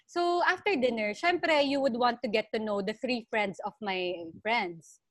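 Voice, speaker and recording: A woman's voice: on the high side, measured pace, fairly bright tone, no room sound, studio quality. A woman in her thirties with a Filipino accent, chatting as a podcast co-host and telling a long personal story. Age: 30s. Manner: chatty storyteller, mixes Tagalog and English. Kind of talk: casual chat.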